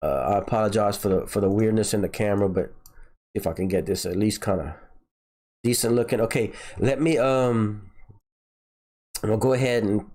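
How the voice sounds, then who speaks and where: A man's voice: lowish voice, moderate pace, pauses often, a little mellow. A man hosting a casual crypto livestream, nasal and congested from a sinus infection, rambling and often repeating himself.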